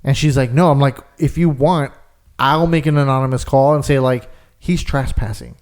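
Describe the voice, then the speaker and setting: A man's voice: medium pitch, normal speed, a little mellow. A young man co-hosting a podcast, telling a long story in casual chat and leaning hard on fillers. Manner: rambling storyteller, lots of "like". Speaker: podcast co-host.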